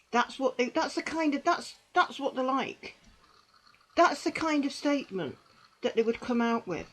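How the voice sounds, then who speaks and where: A middle-aged woman gives earnest personal testimony to camera, halting and repeating herself. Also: high voice, expressive, low-quality recording. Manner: halting and repetitive, with restarts; earnest and emotional, with bitter dark humour. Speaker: survivor giving testimony.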